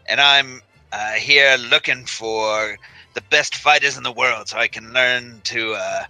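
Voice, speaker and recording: A man's voice: mid-range voice, measured pace, pushed and bright, dry recording, faint music behind, rough recording. A man playing a tabletop game, talking in character in a chatty, enthusiastic way. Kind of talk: in-character role-play.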